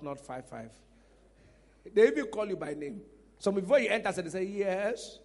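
A man preaching a sermon as pastor, animated, breaking into shouts and laughter. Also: on the high side. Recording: reverberant hall with faint music.

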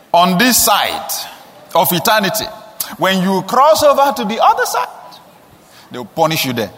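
A man's voice: wildly swooping pitch, moderate pace, a bit bright. Man preaching in a ringing hall. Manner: storytelling, with rhetorical questions and sudden high emphatic rises. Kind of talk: sermon.

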